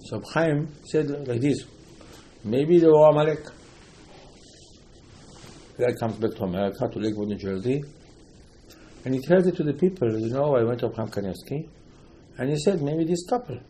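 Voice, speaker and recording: A man's voice: medium pitch, animated, fast, dark tone, slight background noise, low-quality recording. A man giving an informal religious talk, telling a story with many repetitions and emphatic rising outbursts. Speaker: religious teacher.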